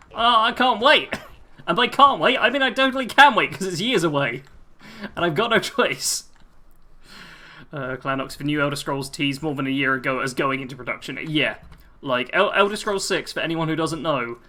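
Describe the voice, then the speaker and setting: Bright-voiced British man streaming a game. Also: fairly high pitch. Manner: chatty, self-deprecating, reads viewer comments aloud. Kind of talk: live-stream chat while playing.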